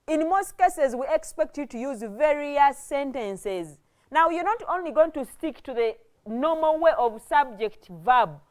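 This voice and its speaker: A woman giving a televised classroom lesson as a teacher, explaining slowly, repeating herself and often checking with "okay?". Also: high voice, animated. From Uganda. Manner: slow, repetitive explaining, with frequent restarts and "okay?" checks. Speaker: English teacher.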